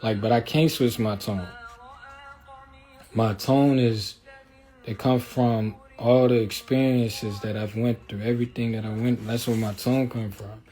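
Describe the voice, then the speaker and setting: A livestream host talks casually in a loose, streetwise, rambling way, full of filler asides, often checking in with his listeners. His mid-range voice is warm and steady, a little slow.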